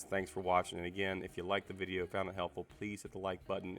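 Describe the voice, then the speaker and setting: A man reviewing a non-stick pan in a casual vlog, his voice raspy from being sick, rambling with fillers and restarts. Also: deep voice, monotone, quick pace, fairly bright tone, faint music behind. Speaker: cookware reviewer.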